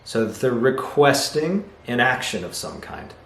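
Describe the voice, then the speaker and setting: A man's voice: mid-range voice, sing-song, a little slow, fairly bright tone. A man teaching a video lesson on English grammar, explaining patiently and acting out example sentences. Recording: roomy echo, faint noise.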